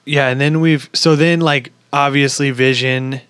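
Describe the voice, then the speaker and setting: A man in the middle of his range, talking fast and loose, full of swearing and bursts of excitement as he retells scenes. The sound is dry and close, with no room around it. He sounds like a podcast co-host in casual chat. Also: mid-range voice, clean tone, dry recording. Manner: excitable, heavy swearing, lively storytelling. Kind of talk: casual movie review chat.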